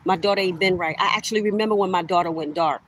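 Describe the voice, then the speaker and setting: Talking at a quick pace in a fairly low voice, a middle-aged vlogger delivers a direct-to-camera rant, heated and accusatory. She addresses listeners as "y'all" and repeats herself to drive points home. The recording is low quality, with a little hiss or hum.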